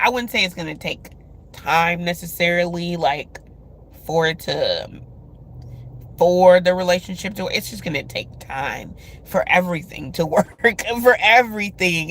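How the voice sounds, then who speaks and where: A woman's voice: low voice, creaky, slight background noise. Chatty woman giving a spiritual reading. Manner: chatty, many filler words; speaks to viewers directly. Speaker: love reading host.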